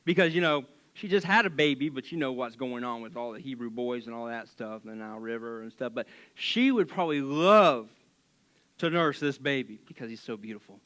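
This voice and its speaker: A man's voice: medium pitch, brisk. A man preaching as a pastor in a church, telling a Bible story casually with jokes and acted-out voices. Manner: animated, joking, acts out voices.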